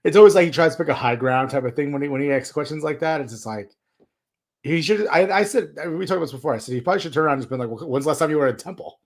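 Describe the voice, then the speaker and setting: A man's voice: a little high, animated, very fast. A man co-hosting a podcast in casual chat, laid-back and agreeable, steering the talk. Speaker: podcast co-host.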